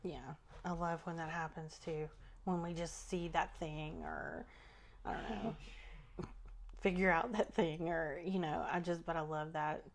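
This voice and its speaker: Female podcast host, lower voice, relaxed rambling chat. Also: unhurried, a little hiss or hum. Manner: relaxed, chatty, trailing off mid-thought. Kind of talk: casual spiritual chat.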